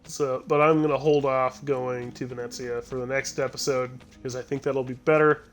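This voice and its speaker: A man's voice: mid-range voice, steady tone, moderate pace. A man streaming a video game, chatting casually with a friend, laughing easily and often breaking off to restart a sentence. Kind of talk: casual gameplay chat. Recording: faint game music behind.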